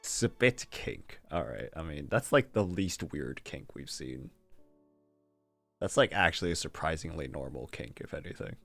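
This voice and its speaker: A man's voice: extremely low pitch, expressive, a little slow, creaky, a bit bright, no echo, faint music behind. A man streaming, reading fanfiction aloud in a casual way with amused, disbelieving asides and frequent laughter. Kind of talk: casual read-aloud with commentary.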